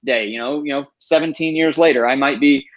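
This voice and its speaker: A man in his thirties, a podcast guest telling his own story in an earnest, animated way. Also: medium pitch, fairly quick, muffled recording. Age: 30s.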